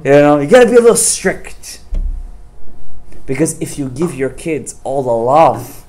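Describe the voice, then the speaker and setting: A man's voice: on the high side, very animated, unhurried, darkish tone. A man, a rabbi, giving a Torah class to parents, firing rhetorical questions at his listeners and dropping Hebrew terms into his talk.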